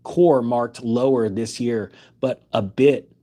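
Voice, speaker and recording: Mid-pitched man hosting a finance commentary show; reads headlines and picks them apart with pointed questions. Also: slow, warm tone. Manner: skeptical, emphatic rhetorical questions. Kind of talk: opinionated commentary reading news aloud.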